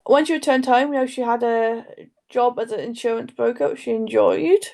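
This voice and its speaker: This young woman co-hosts an informal true crime podcast and tends to ramble, derailing her own anecdote. Her voice is fairly high, creaky, and a bit mellow, at a moderate pace.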